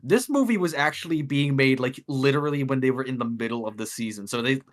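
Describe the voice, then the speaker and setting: A man speaking as a podcast guest, discussing films in a measured, hesitant way with many fillers. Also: medium pitch. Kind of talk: casual movie-review chat.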